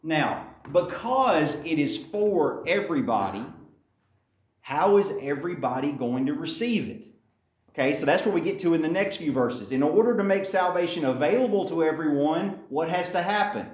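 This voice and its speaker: A man's voice: fairly high pitch, lively intonation, normal speed, reverberant. A man teaching a Bible study, reading scripture aloud and then explaining it, repeating his key points.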